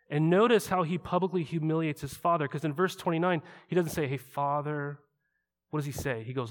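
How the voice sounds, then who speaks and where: A high-voiced male pastor preaches at a moderate pace with a big-room sound around him. His sermon feels conversational, full of rhetorical questions aimed at the audience.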